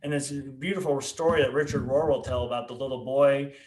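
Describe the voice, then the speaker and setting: A man's voice: medium pitch, fairly even intonation, brisk, darkish tone. A man, a pastor hosting a conversation, tells a personal story earnestly and restarts his words often. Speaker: pastor and podcast host. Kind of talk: personal testimony in casual conversation. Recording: echoey room.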